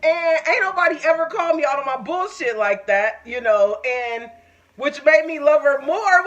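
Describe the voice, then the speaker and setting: A woman's voice: high-pitched, expressive, moderate pace, a bit bright, soft background music. A woman hosting a live stream in casual chat. She tells her own stories candidly with plenty of swearing and reads viewer comments aloud. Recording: muffled lo-fi stream audio.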